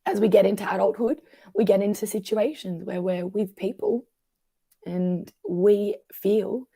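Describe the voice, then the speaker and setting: Mellow, husky-voiced woman coach. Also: medium pitch, unhurried, no room sound. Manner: animated, acts out quoted voices. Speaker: guest coach. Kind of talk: conversational interview.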